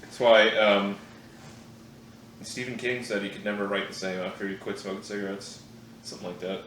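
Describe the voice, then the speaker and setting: A man's voice: on the low side, level tone, normal speed, echoey room, noisy background. A man co-hosting a podcast, wryly complaining about everyday annoyances in casual banter. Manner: wry, exasperated complaining. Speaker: podcast co-host.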